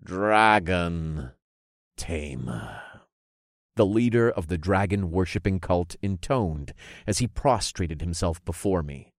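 A man's voice: low voice, unhurried, dry recording, studio quality. A man reading a first-person fantasy story aloud as an audiobook narrator, telling it expressively. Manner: expressive storytelling, voicing characters' lines.

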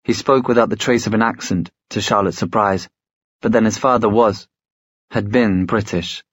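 A man narrating a story in a measured, storytelling way. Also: fairly low pitch, a bit bright, breathy edge, no echo. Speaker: audiobook narrator. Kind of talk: scripted narration.

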